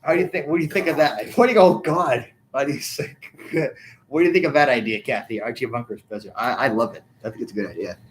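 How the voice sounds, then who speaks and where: A man's voice: mid-range voice, fast, slight background noise. A man hosting a casual chat, asking playful questions and laughing often. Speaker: host.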